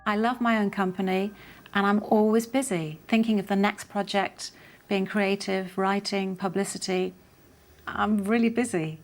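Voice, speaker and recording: Woman, voice-over artist, interview, lively and reflective, average pitch. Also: moderate pace.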